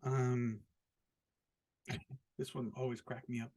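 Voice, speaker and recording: A man's voice: medium pitch, level tone, slow pace, long pauses, darkish tone. An American man hosting a casual solo podcast, rambling and profane, with an incredulous tone and frequent laughs at his own jokes. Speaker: podcast host. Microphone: podcast microphone, also filmed.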